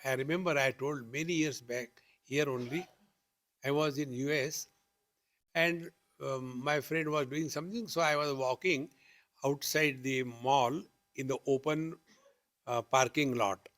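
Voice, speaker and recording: A man's voice: mid-range voice, unhurried. A man giving a spiritual discourse at a retreat, telling stories and acting out both sides of the dialogue with rising questions. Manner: lively storytelling, acts out dialogue with rising questions. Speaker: spiritual teacher. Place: retreat hall.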